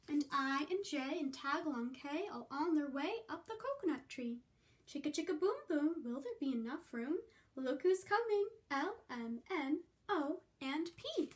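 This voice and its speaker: A woman teaching preschool circle time, reading a picture book aloud in a slow, sing-song way. Her voice sits high and bright, and she draws out each word so little ones can follow along. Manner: slow, sing-song and animated, coaxing children to join in.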